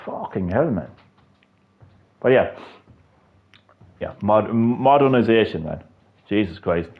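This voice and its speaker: A young Irish man chatting on his livestream in a lowish voice, rambling, swearing freely and restarting his sentences. He talks loosely, like a regular host with his viewers. The sound is dull and lo-fi, as if from a cheap mic. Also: animated, takes it slowly. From Ireland. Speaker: gaming channel host. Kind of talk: casual livestream chat.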